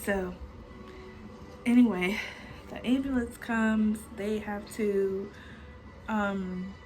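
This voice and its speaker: A woman's voice: mid-range voice, steady tone, drawn-out words, darkish tone, faint music behind, low-quality recording. A woman in her twenties telling a personal story to her vlog audience in a chatty way, swearing freely and filling her talk with "like". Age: 20s. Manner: chatty, swears freely, many filler likes. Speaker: storytime vlogger. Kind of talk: casual storytelling.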